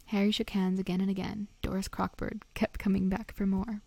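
A woman narrating a storybook in a gentle, half-whispered read-aloud, close to the mic. Her voice is gravelly with a mellow, dark tone. The room sounds dry. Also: mid-range voice, flat delivery, brisk, few pauses, no room sound. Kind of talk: soft storybook reading aloud, partly whispered.

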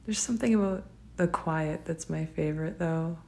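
A young woman, speaking gently and tenderly to a partner in a whispered role-play, with soft laughs. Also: sits low, normal speed, gravelly, a little hiss or hum. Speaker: affectionate partner.

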